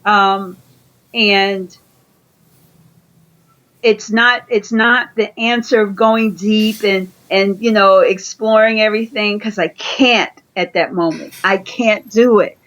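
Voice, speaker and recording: A woman's voice: medium pitch, steady tone, takes it slowly, fairly bright tone, low-quality recording. A woman being interviewed, giving earnest conversational coaching advice and often repeating her phrases. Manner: earnest, repeats phrases, acts out quoted dialogue. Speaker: interview guest.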